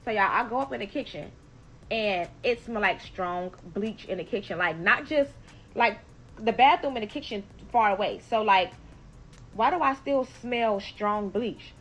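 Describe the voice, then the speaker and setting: Animated woman telling a storytime. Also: medium pitch, a little slow, muffled recording, slight background noise. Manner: animated, emphatic, swears freely. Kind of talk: casual storytime.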